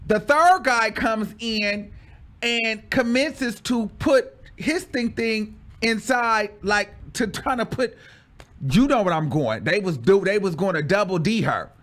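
A man's voice: high-pitched, slow pace, a bit bright. A man telling a personal story in casual story-time style, dramatic and full of exclamations.

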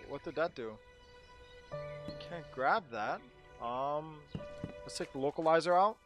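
A man playing a horror game and commenting to himself in a jumpy, excitable way, with game music behind him. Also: a little high, unhurried. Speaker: gaming channel host. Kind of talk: let's play commentary.

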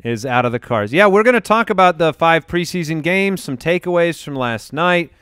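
A man hosting a podcast in an upbeat, joking way. His voice is smooth and clear and sits a little high. He is recorded on a studio mic with a dry, close sound. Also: expressive, moderate pace, a bit bright, no echo. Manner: upbeat, joking, runs the show. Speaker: podcast host. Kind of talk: casual chat.

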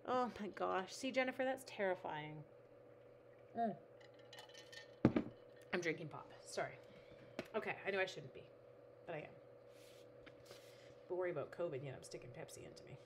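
A woman's voice: fairly low pitch, expressive, normal speed, pauses often, heavy background noise. Chatty woman hosting a craft livestream. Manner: chatty, reads out viewer comments, talks to her materials. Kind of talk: casual chat while making cards.

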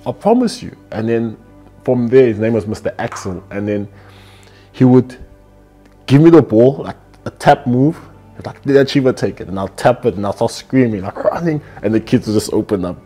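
A young South African man, a rugby player, telling candid stories in an interview in a relaxed, rambling way, acting out the dialogue. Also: mid-range voice, moderate pace, slightly rough, soft background music.

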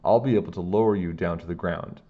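A man voicing a bold, eccentric woman school custodian who acts like a superhero, with a brisk, commanding manner. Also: low-pitched, dull audio. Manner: brisk, commanding, self-assured.

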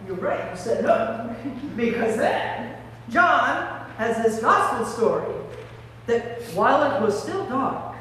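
Animated woman preacher in an echoey church. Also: sits high, a little hiss or hum. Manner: animated storytelling, acting out scenes. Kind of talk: Easter sermon. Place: large church sanctuary. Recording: echoey hall from a distant mic.

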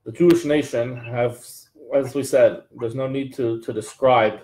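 A man leads a live Torah class at a medium pitch. He reads each Hebrew phrase and then translates it into English. He restarts often and fills pauses with frequent "uh"s. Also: steady tone, darkish tone, rough recording. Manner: reads Hebrew text then translates, many restarts and fillers, jokes aside. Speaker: Torah teacher.

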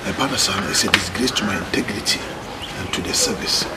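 A man's voice: on the low side, fast, very noisy, natural voice. A man playing an indignant retired customs officer. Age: older. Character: aging retired customs officer, proud and wounded.

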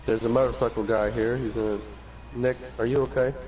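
A man's voice: mid-range voice, little pitch movement, a little fast. A man streaming a game with a friend, joking, swearing often and putting on silly voices for the characters on screen. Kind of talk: casual gameplay chat with a friend. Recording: dull lo-fi stream audio with faint hiss.

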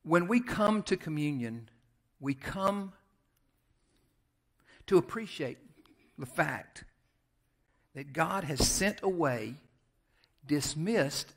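In a church sanctuary, a pastor with a Southern American accent and a fairly high, gravelly voice preaches a sermon. Telling a story, he shifts between loud emphasis and quiet, conversational asides.

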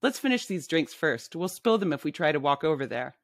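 A woman's voice: low voice, big pitch swings, fairly quick, dry recording, studio quality. A woman reading as a brash, pushy woman friend. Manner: pushy, blunt, bossy. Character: brash, loud adult woman friend at a bar. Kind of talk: reading a memoir aloud.

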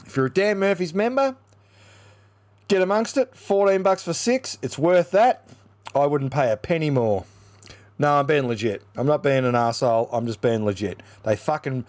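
An Australian man in his young adult years gives a casual beer review, swearing freely and ranting in blunt terms. His voice swings lively up and down in pitch as he talks. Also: moderate pace, pauses often.

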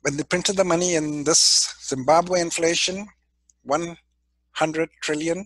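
A male business school professor from India giving a classroom lecture, emphatic and animated, acting out quoted people, clearing his throat from allergies. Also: a little high, unhurried, no echo, low-quality recording.

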